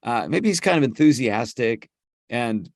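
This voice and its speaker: A man's voice: mid-range voice, animated, a little slow, a little mellow, no room sound, studio quality. A male voice actor explaining how he found a character's voice. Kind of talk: explaining his craft.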